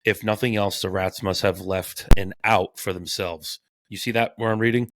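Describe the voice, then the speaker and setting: A man co-hosting a casual podcast, reading aloud and riffing, animated, swearing and tripping over his words. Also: on the low side, moderate pace, a little hiss or hum. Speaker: podcast co-host.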